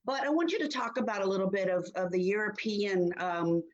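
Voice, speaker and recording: A woman's voice: mid-range voice, fairly quick. Woman co-host, curious friendly questions, dull lo-fi sound. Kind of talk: casual radio chat.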